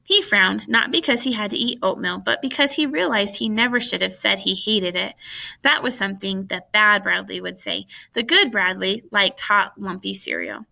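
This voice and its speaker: A woman reading a children's book aloud in plain, steady storytelling. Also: mid-range voice, normal speed, vocal fry. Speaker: audiobook reader.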